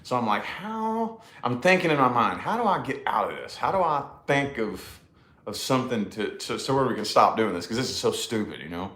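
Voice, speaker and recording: A man's voice: mid-range voice, very animated, a little fast, a bit bright, echoey room. A man casually telling a personal story in a rambling, emphatic way, with lots of swearing and repeated phrases. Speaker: podcast co-host.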